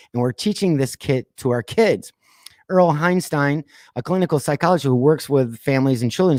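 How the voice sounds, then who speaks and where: Guy hosting a podcast, reads weird news and cracks sarcastic jokes, kinda high voice, dry sound. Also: no echo. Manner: reads news items then riffs with sarcastic asides and laughs; drops to quiet voice for dramatic pauses. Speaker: podcast host. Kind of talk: casual news commentary.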